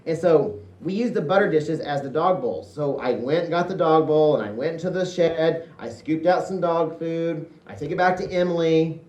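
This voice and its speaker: A man from Indiana tells comic stories about his childhood in an animated, chatty way and laughs at his own lines. His voice sits fairly high for a man. He is heard from a distant mic in a roomy, echoey space. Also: normal speed, hardly any pauses, lo-fi sound. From Indiana, USA. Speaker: solo stage performer. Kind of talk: comic storytelling monologue.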